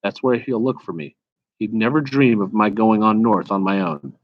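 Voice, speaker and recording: Male reader as a proud talking war horse, brisk, scornful, lecturing, dry close sound, storybook read-aloud. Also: on the low side, no room sound, muffled recording, close to an everyday voice.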